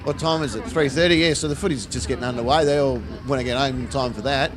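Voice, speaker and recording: A man's voice: medium pitch, fast talker, over music. Crude, mocking Australian man. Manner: crude, mocking, swears freely, laughs at own jokes. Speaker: live show host. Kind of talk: sarcastic live commentary on protest footage.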